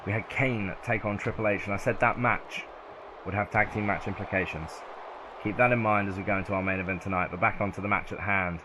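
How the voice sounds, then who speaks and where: Excitable southern English man calling play-by-play. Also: lowish voice, brisk, background noise. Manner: excitable, yells at near-falls. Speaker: video game commentator. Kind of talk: play-by-play game commentary.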